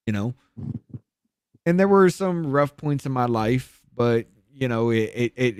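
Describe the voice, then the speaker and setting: A man speaking candidly as a podcast guest, blunt and salty in his wording. His voice sits in a middle register and sinks low and soft as he reaches the darkest moments. It is recorded close and dry with no room sound. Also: dry recording. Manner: blunt, profane, drops low and quiet on painful parts. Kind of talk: candid personal storytelling.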